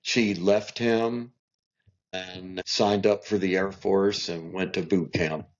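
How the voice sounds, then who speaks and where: A middle-aged man, a podcast guest, telling a long family story in an animated way and acting out what people said. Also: deep voice, slow. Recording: dull lo-fi recording.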